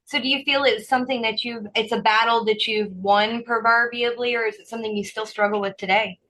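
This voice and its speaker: Bright-voiced woman podcast host. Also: a little high, steady tone, fairly quick, poor audio. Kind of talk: podcast interview.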